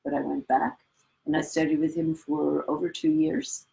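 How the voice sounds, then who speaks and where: A woman's voice: low-pitched, level tone, normal speed, vocal fry, warm tone, rough recording. A middle-aged woman, a conductor, telling a reflective anecdote in a casual interview. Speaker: guest, orchestra conductor.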